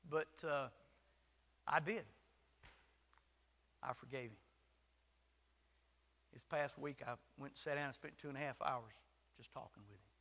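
A man's voice: mid-range voice, a little slow, long pauses, a bit bright. A male pastor preaching a sermon in a folksy, self-deprecating style with jokes, in a church sanctuary. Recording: long hall reverb.

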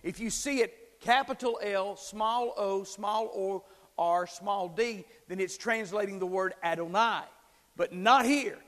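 High-voiced preacher in a reverberant church. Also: male voice, a little slow. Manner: dynamic preaching, drops to whispers and builds to shouts; asks the congregation to repeat after him. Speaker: pastor. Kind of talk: sermon. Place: church sanctuary. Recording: long hall reverb.

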